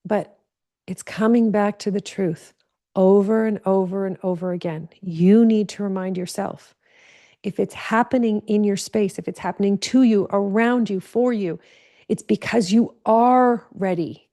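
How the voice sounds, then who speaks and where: Earnest woman teaching, mellow voice. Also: mid-range voice, fairly even intonation, unhurried. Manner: earnest, emphatic, repeats phrases for stress. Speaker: spiritual teacher. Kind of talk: spoken teaching talk.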